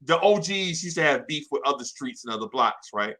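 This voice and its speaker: A man telling a childhood story in casual chat, animated and slangy, often laughing. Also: mid-range voice, brisk. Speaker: podcast storyteller.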